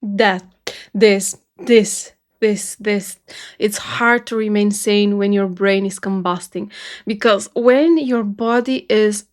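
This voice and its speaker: A woman's voice: mid-range voice, fairly even intonation, takes it slowly. A woman from Romania hosting a music reaction video, talking earnestly and emotionally and repeating phrases for emphasis. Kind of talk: casual reaction commentary.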